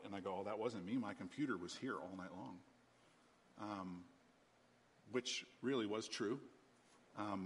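A man's voice: on the low side, slight background noise. A middle-aged man, a pastor, telling a personal testimony in a sermon, talking candidly and conversationally with many ums. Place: church auditorium. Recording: church hall reverb, faint ambience.

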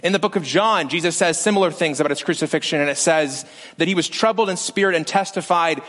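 Animated pastor preaching a sermon. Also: male voice, fairly high pitch, fast. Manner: lively, animated delivery with acted-out quotes.

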